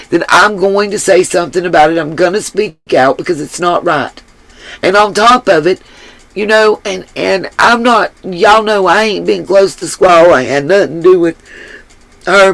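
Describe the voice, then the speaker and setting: A woman hosting a YouTube commentary channel rants angrily, bluntly and profanely, though she apologizes for her harsh tone. Her voice is fairly low, she speaks at normal speed, and there is no room sound.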